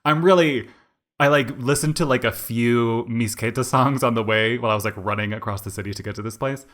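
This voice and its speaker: A man in his twenties with a mid-range voice talks briskly while co-hosting a podcast. The casual chat turns into a rambling, animated story, heavy on the word "like."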